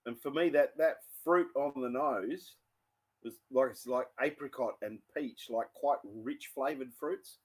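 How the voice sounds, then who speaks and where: A man's voice: medium pitch, unhurried, breathy edge. An Australian man co-hosting a casual whisky tasting chat, thoughtful and trailing off mid-sentence. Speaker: whisky show co-host.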